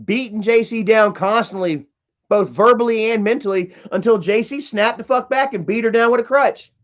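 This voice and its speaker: A man with a high voice rants on a livestream from home, heated and profane as he reads out chat messages. The sound is dull and lo-fi, like typical stream audio. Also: normal speed. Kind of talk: casual livestream rant.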